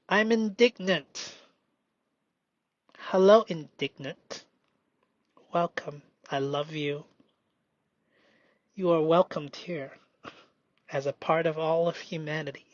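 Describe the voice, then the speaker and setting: A man doing a slow, meditative spoken self-reflection, halting and often dropping into a whisper. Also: fairly high pitch, no echo. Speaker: solo performer. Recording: dull lo-fi dry recording.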